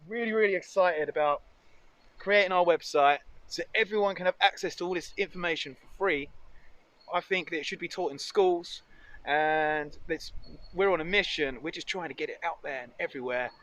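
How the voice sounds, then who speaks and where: A man's voice: fairly high pitch, moderate pace, a bit bright, a little hiss or hum. A man chatting casually and cheerfully while cooking outdoors for a foraging vlog. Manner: chatty, upbeat, muses aloud. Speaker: foraging vlogger. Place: outdoors in nature.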